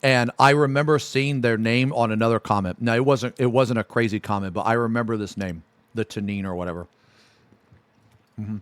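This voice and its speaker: A man's voice: mid-range voice, fairly even intonation, brisk, clear, resonant tone, dry recording. A man, a streamer ranting on a livestream in a profane, exasperated and sarcastic way. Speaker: Twitch streamer.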